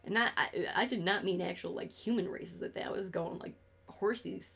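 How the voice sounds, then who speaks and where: A woman's voice: fairly low pitch, a little fast, vocal fry, a bit bright, slightly rough. A young woman streaming a game, chatting casually in a rambling, sarcastic and profane way, laughing often. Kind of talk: casual chat while gaming on stream.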